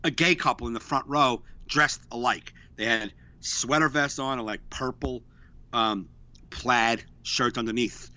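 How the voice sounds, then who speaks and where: Animated man telling stage stories. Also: mid-range voice, a little slow, no room sound, dull audio. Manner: animated storyteller, acts out quotes. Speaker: podcast co-host. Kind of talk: casual chat, storytelling.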